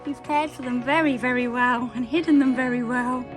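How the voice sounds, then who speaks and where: A woman's voice: on the high side, steady tone, a little fast, few pauses, loud music behind the voice. A woman vlogging casually from her stables, chatting to the camera and cooing baby talk to her animals. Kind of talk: casual vlog chat.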